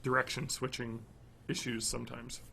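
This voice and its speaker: A man in his thirties co-hosting a podcast, chatting casually and enthusiastically, rambling and swinging between loud bursts and quiet mumbles. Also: mid-range voice, little pitch movement, normal speed, vocal fry, husky. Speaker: podcast co-host. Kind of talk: casual chat.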